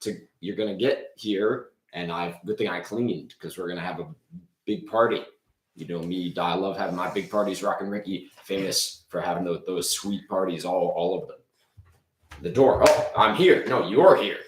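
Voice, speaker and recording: Man doing a brash rocker showman, boastful, hyped, low voice, roomy echo. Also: moderate pace, lightly acted. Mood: chatty. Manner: boastful, hyped, sound-effect heavy. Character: brash male rock keyboardist showman. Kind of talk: improv comedy.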